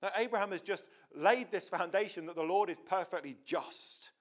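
Earnest male preacher, higher voice. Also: normal speed. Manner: earnest, emphatic, with frequent stammered restarts. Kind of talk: sermon. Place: church.

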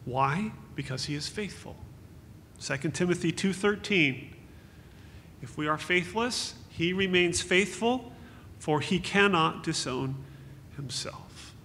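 This man preaches a memorial sermon as pastor, earnest and consoling, drawing on scripture. His voice sits fairly high and is expressive with a sharp tone, delivered at a slow pace, in an echoey hall with a faint hum.

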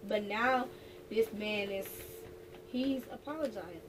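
A woman gives a casual tarot reading that's blunt, profane, and joking. Her mid-range voice keeps a measured pace, picked up by a distant mic with background noise.

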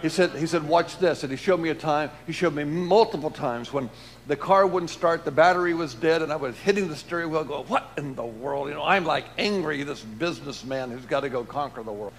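A man preaching and telling a personal testimony, swinging between loud emphatic lines and hushed low ones. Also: fairly quick. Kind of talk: testimony sermon.

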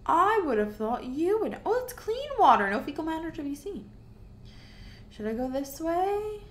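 A woman's voice: sits high, big pitch swings, moderate pace. A woman hosting a gaming video, chatting to herself and exclaiming as she plays. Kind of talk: casual let's-play commentary.

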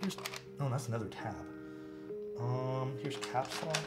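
A man's voice: mid-range voice, a little slow, over loud music. A man building a keyboard live on stream, chatting casually, thinking aloud and answering his chat.

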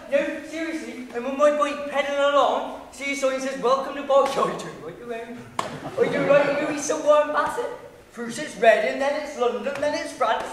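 A man's voice: extremely high pitch, normal speed, a little hiss or hum. A young man playing a cheeky village lad in a student stage play, chatty and laughing, with a put-on West Country accent. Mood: chirpy. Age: young adult. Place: college theatre stage. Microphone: far camera. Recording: echoey hall from far off.

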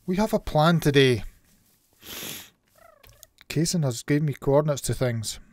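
A man with a Scottish accent hosts his gaming channel, offering casual, playful commentary as he plays and adding little sound effects. His voice is slightly high, a bit slow, and somewhat mellow.

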